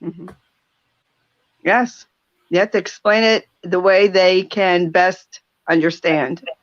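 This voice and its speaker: Older woman, talk radio host, gentle and reflective delivery, slightly dull close-miked sound. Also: fairly low pitch, dry recording. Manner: reflective, pausing, softly emotional storytelling. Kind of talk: heartfelt conversational talk.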